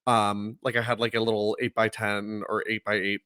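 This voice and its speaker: A young man co-hosting a podcast, telling stories in a lively, animated way, laughing often and acting out quotes in a high voice. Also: normal speed, clean tone, no echo. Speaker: podcast co-host. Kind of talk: casual chat.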